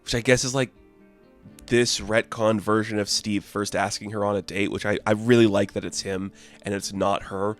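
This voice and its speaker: A man's voice: fairly low pitch, little pitch movement, moderate pace, faint music behind. A man giving a casual, rambling comic book review, full of fillers and amused asides.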